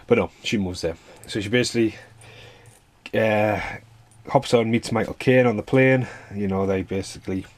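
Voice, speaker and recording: A man with a deep, low voice rambles through a casual film review. He swears freely and chuckles between points, with a loose, unscripted flow. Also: steady tone, moderate pace, no echo.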